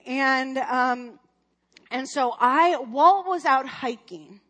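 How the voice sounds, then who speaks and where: A woman's voice: high-pitched, extremely slow, sharp tone. A woman in her forties telling a personal story at church, chatty and rambling, with many fillers and restarts. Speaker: speaker at a church.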